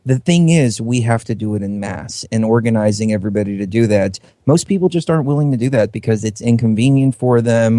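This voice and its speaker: A man, a guest on a talk radio show, making an earnest, steady argument. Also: medium pitch, fairly quick, hardly any pauses, no echo. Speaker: fellow radio host, guest. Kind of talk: casual talk radio chat.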